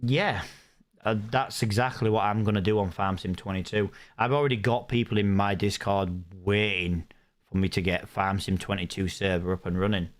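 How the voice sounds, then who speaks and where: A man's voice: fairly low pitch, steady tone, normal speed. A young British man chatting to his live chat and thinking aloud as he plays a game on stream. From United Kingdom. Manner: chatty, thinks aloud while playing, reads chat comments. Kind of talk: live gaming stream commentary.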